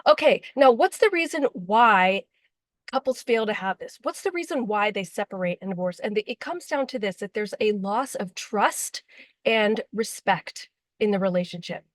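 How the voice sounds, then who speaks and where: A woman's voice: mid-range voice, lively intonation, moderate pace, no echo. A woman relationship coach speaking earnestly and emotionally to her viewers, with frequent ums and likes. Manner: emotional, heartfelt, with frequent fillers. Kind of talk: earnest direct-to-camera talk.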